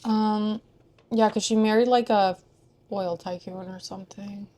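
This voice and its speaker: Young woman rambling about old movies, slow and chatty, lots of likes. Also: mid-range voice, steady tone, a little mellow. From Houston, Texas. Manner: chatty, digressive, lots of "like" and asides. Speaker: film vlogger. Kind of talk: casual chat about films.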